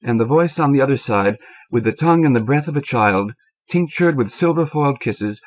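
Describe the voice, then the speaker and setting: A man's voice: mid-range voice, animated, fairly quick. Man narrating on an old tape. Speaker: audiobook reader. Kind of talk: scripted narration. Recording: dull lo-fi cassette audio.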